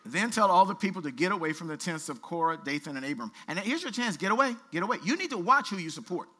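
A man pastor preaching a sermon, reading scripture aloud with colloquial asides and lively exhortation. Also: fairly high pitch, fast. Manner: animated preaching, reads scripture aloud with asides and playful voices.

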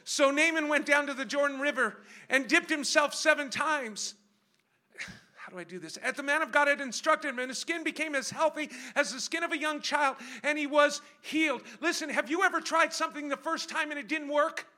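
A man preaching a sermon as a guest speaker, swinging from quiet asides to shouted, drawn-out exhortation, repeating phrases and firing questions at the congregation. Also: very high-pitched. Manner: emphatic, repeats phrases and asks the crowd questions.

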